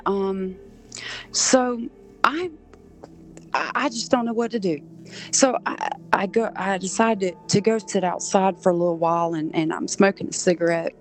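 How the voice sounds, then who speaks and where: A woman's voice: on the low side, poor audio. A woman from southern Georgia, a podcast guest, earnestly recounting events step by step. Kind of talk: personal storytelling.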